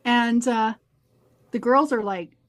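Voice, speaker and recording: Animated woman telling a story. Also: fairly high pitch, slow. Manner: animated storyteller acting out quoted dialogue. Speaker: podcast co-host. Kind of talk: casual storytelling chat.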